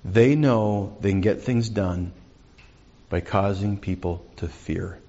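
A man's voice: sits low, slow pace, dark tone. Guy preaching a sermon, talks like a chat, throws questions at the crowd, kinda dull lo-fi sound. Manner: conversational, asks the congregation questions. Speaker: pastor.

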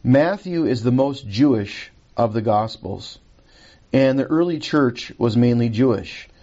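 A man's voice: medium pitch, expressive, a little slow, dark tone, muffled recording. A man teaching a recorded Bible lesson from a handout, reading scripture aloud and checking his notes as he goes.

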